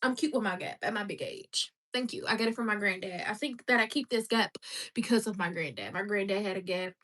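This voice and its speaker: A woman's voice: mid-range voice, a little fast, a bit bright. A woman in her twenties chatting casually and rambling on a livestream, laughing often. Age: 20s.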